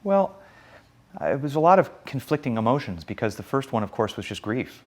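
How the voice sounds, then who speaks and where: A man in his forties talking casually in an interview, chatty and animated, with many fillers. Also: mid-range voice, fairly quick. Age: 40s. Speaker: interviewee, stage performer.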